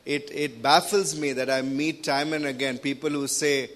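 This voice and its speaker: A man's voice: mid-range voice, steady tone, a bit bright. Earnest man preaching a sermon. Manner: earnest, deliberate teaching. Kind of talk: sermon with scripture reading and prayer.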